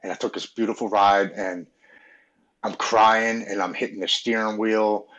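A man from Maryland, a podcast guest, telling his own recovery story in an earnest, halting, emotional way. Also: fairly low pitch, fairly even intonation, fairly bright tone. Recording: dull, muffled audio.

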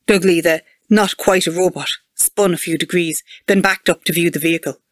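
Story reader, measured delivery, dry close sound, mid pitch. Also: fairly even intonation, no echo. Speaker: manuscript reader. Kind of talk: reading a sci-fi story aloud.

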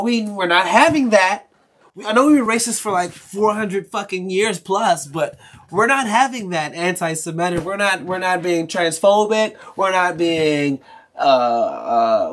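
A young man from Maryland talks alone on his podcast in a loose, rambling way. He swears freely and laughs between thoughts. His voice sits a bit higher than most men's. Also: a bit bright. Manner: profane, rambling rant with frequent laughs. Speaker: podcast host. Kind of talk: casual solo podcast monologue.

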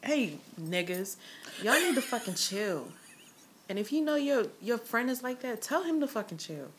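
A woman guesting on a podcast in casual chat, animated and profane, laughing loudly. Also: on the high side, moderate pace, noisy background.

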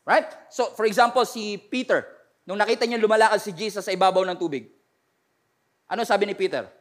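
High-voiced Filipino pastor preaching. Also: male voice, fast talker. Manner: preaching with call-and-response, rising to shouts. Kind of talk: sermon mixing Filipino and English.

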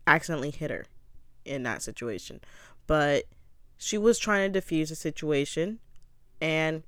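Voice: medium pitch, smooth, dry recording, clean studio sound. A young adult giving a casual, opinionated recap of a reality show, talking bluntly and swearing freely.

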